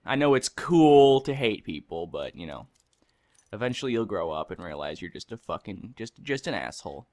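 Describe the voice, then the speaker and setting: A man's voice: fairly low pitch, big pitch swings, normal speed, a little mellow. A young man hosting a gaming channel, chatting casually and ranting with lots of swearing while he plays. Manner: ranting, profane, rambling. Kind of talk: casual let's-play commentary.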